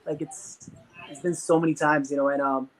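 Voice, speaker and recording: Earnest high-voiced young man. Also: flat delivery, moderate pace, slight background noise, rough recording. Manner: earnest, full of fillers. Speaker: guest. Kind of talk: casual interview talk.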